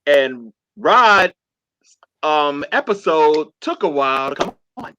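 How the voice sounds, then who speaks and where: A man chatting casually in a high voice that rises and falls a lot. He talks slowly and haltingly with fillers, in a bright tone. The sound is dry. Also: animated, a little hiss or hum. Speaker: filmmaker guest. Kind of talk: casual chat.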